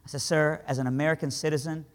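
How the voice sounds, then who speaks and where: A man from Iran telling a dramatic story to a crowd, swinging between hushed lines and impassioned cries. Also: a little high, fairly even intonation, fast. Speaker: speaker. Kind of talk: storytelling sermon. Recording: hall reverb.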